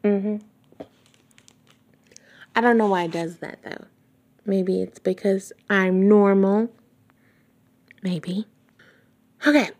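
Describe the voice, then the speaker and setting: Reading a novel on her podcast, a woman with a slow, gravelly, mid-range voice makes wet mouth sounds. She casually fixes misreadings and chats between passages, recorded at home without studio soundproofing.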